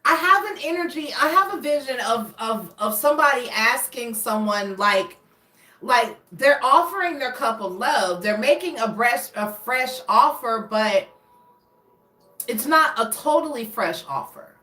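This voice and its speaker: A woman's voice: fairly high pitch, animated, unhurried, bright, forceful tone. A woman giving a casual tarot reading, rambling and restarting as she searches for words. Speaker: tarot reader. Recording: echoey room, voice a bit far from mic.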